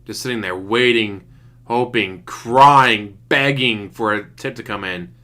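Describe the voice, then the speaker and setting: A man's voice: fairly low pitch, measured pace, pushed and bright. A man giving sarcastic, mocking running commentary while he watches another streamer's broadcast. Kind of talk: casual reaction commentary. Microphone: desktop USB mic.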